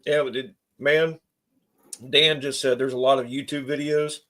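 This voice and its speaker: A man's voice: medium pitch, fairly even intonation, normal speed, fairly bright tone. A man in casual chat, mostly listening and adding short agreeing replies and stories of his own. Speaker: co-host.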